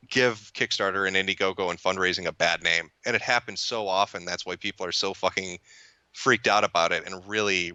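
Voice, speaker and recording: A man's voice: low-pitched, bright, forceful tone, smooth, dry recording. A man in casual chat, talking bluntly and profanely with a sarcastic edge, often laughing mid-sentence. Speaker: podcast guest and commentator.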